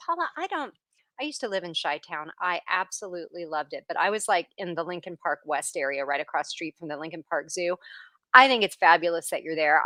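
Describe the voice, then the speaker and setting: A woman hosting a live-stream interview, excitable and gushing as she greets viewers and reads their comments. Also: lowish voice, no echo. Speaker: livestream interview host. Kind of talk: bubbly live-stream chat.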